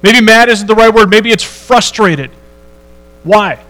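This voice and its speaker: A man's voice: sits high, measured pace, bright, forceful tone, rough recording. A man preaching a sermon in a church, reading scripture and asking the congregation rhetorical questions in a conversational way. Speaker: pastor.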